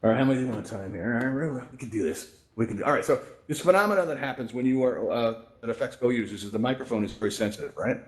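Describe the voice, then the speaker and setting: Racing along with few pauses, a medium-pitched man hosts a VR tutorial event over a headset microphone. It's a chatty, casual presentation, full of "right?" and "you know" tags.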